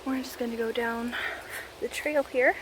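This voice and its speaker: On the high side and at a normal speed, her intonation stays fairly even. The speaker is a Canadian woman rambling breathlessly with lots of fillers as she vlogs on a walk through the woods. Faint outdoor noise sits behind the recording.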